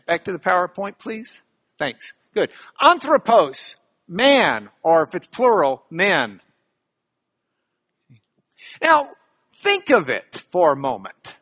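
A Bible class teacher lectures a roomful of students over a microphone, pitch swinging widely with animated emphasis. The voice is bright and sharp, and the pace is slow and deliberate as each idea gets spelled out with everyday examples. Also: husky. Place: classroom with audience.

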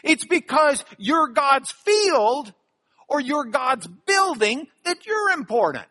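Animated man teaching a Bible lesson. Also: very high-pitched. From Texas. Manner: animated, emphatic teaching with quick asides.

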